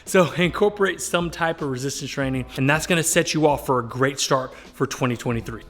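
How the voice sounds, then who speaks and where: Speaking fairly quickly in a slightly high, somewhat bright voice, this man runs an upbeat fitness session for his casual home vlog and keeps addressing viewers as "guys." A nearby camera captures him along with some slight background noise.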